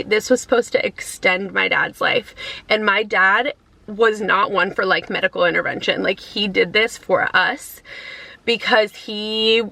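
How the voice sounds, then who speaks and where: A woman in her thirties chatting casually to camera from her car, emotional and near tears, halting with many fillers. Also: mid-range voice, gravelly, bright, forceful tone, dry recording, rough recording. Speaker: vlogger. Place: inside a car.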